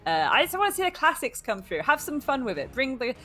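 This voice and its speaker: A woman's voice: high voice, big pitch swings, sharp tone, faint music behind. A woman with a British accent, commentating a live esports tournament in a chatty, giggly way. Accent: British English. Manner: giggly, chatty, quick to laugh. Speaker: esports caster.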